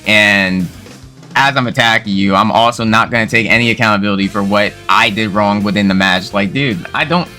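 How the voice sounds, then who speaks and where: A man's voice: fairly low pitch, steady tone, brisk, sharp tone, soft background music. A man casually recounting an online game argument in a laid-back, slangy way, calling the listener "bro.". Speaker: gaming video creator. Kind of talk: casual storytelling commentary.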